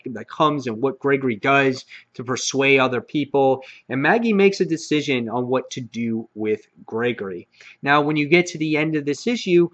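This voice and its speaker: A man's voice: mid-range voice, dull audio. A man hosting his own comic book review channel, talking casually with lots of fillers and restarts. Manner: rambling with frequent fillers and restarts.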